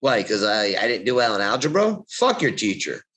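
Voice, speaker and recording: A man's voice: on the low side, sing-song, fairly quick, fairly bright tone. Blunt, foul-mouthed man preaching advice. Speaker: podcast co-host. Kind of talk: casual motivational chat.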